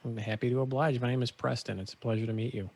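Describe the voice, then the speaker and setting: A man playing a tabletop game in character, talking diplomatically with hesitant pauses. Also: medium pitch, steady tone, vocal fry, darkish tone. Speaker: player. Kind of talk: in-character role-play.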